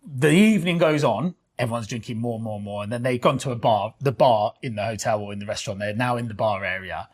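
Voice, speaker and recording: A man's voice: mid-range voice, fast, hardly any pauses. Man, casual storytelling, lots of "like", swears freely, studio chat. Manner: animated storytelling, swearing, many fillers. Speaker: podcast co-host.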